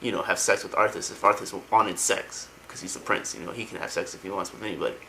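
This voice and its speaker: A man's voice: deep voice, steady tone, fast, gravelly, pushed and bright, a little hiss or hum, rough recording. A young man casually retelling a story, rambling and enthusiastic with slangy asides. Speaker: lore explainer.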